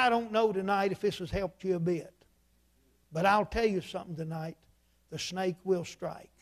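A male preacher with a drawl and a high voice for a man. He spins homespun stories in a folksy way and keeps circling back with "he said". He drives each story toward a pointed, emphatic lesson. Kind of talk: sermon storytelling.

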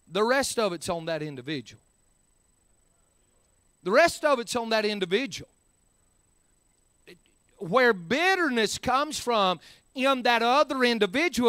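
A man's voice: extremely high pitch, sharp tone, smooth, no room sound, studio quality. A man preaching a sermon, repeating key phrases with rising and falling emphasis.

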